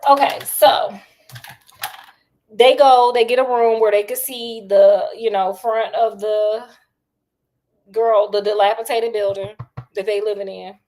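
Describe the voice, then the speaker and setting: A woman storyteller retelling a classic detective tale in a chatty, slangy, animated way. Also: medium pitch, measured pace, pauses often. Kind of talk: casual comic story retelling.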